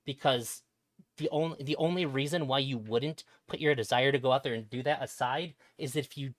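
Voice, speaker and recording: A man in a casual stream discussion, his voice dry and close with no room sound. He argues earnestly in long sentences and pauses on "uh" as he builds his point. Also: mid-range voice, a bit bright, no echo. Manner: earnest, reasoning at length with fillers. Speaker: guest.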